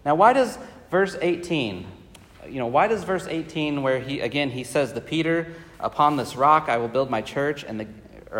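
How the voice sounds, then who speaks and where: A man's voice: a little high, animated, moderate pace, a bit bright. A man teaching a Bible study class, talking conversationally with many fillers and putting questions to the group. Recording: reverberant hall.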